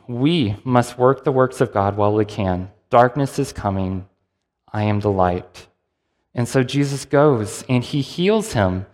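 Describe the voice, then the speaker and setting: A man preaching a sermon in a conversational, storytelling way, acting out the people in the passage as he goes. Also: medium pitch. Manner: conversational, lively storytelling with acted-out quotes. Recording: long hall reverb.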